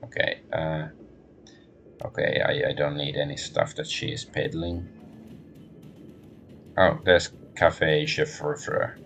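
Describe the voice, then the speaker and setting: Low, gravelly man muttering through a game. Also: flat delivery, takes it slowly, pauses often, a bit bright, a little hiss or hum. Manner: muttering thoughts aloud, hesitant. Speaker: streamer. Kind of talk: let's-play commentary.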